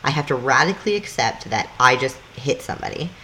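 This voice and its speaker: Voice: medium pitch, animated, fast talker, pushed and bright, a little hiss or hum. A podcast co-host, explaining things in loose, casual chat that swears freely and acts out little scenes.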